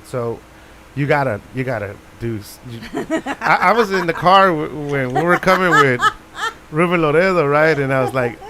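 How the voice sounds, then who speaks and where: A man chatting on a radio show, telling an animated story, acting out the people in it and dropping in Spanish phrases. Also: a little high, moderate pace, crowd noise. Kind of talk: casual storytelling chat. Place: radio studio.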